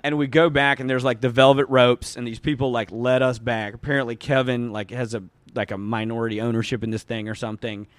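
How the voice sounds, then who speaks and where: A man in his thirties spins a rambling, animated story on a podcast, his voice sitting at a mid pitch. He stacks up fillers and restarts, then jumps into louder voices for the people he quotes. The sound is dry and close, with no room echo. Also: fairly quick, hardly any pauses. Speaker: podcast guest. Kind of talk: casual storytelling.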